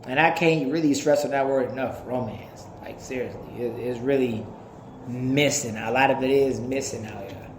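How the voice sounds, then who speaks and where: A man in his thirties talking in a casual, animated, profane podcast monologue, laughing often. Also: mid-range voice, normal speed, roomy sound, slight background noise. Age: 30s. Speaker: podcast host.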